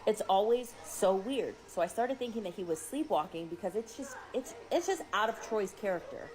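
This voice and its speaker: A woman's voice: medium pitch, animated, moderate pace, a little mellow, a little hiss or hum, rough recording. A mother telling a story to camera in casual speech, urgent and emphatic, acting out what her child said.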